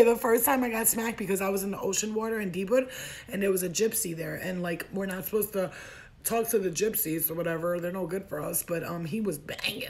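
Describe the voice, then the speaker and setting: A young American woman telling a personal story in casual chat, animated and profane, acting out what people said in a raised voice. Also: mid-range voice, a little fast, vocal fry. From United States.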